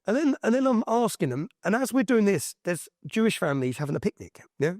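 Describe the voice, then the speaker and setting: A man recounts a story in an animated, anecdotal way and keeps slipping into the voices of the people he met. His voice sits fairly high and swings widely. The sound is close and dry. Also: brisk, dry recording. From England. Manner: lively, repeats himself, quotes people in his stories. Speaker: interview guest.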